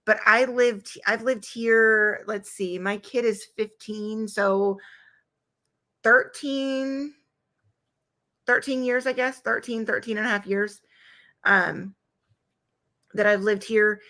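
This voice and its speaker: A woman with a Kentucky accent chats casually with a bright, crisp tone. She rambles and thinks out loud, piling up fillers and counting things off as she talks. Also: a little high, fairly even intonation, slow pace, long pauses. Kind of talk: casual live-stream chat.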